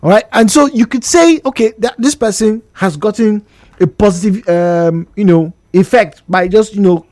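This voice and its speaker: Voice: medium pitch, normal speed, dry recording. A radio talk show host, pressing the guest with questions and restarting sentences, in a studio. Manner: animated, probing, hesitant restarts. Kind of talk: live radio discussion.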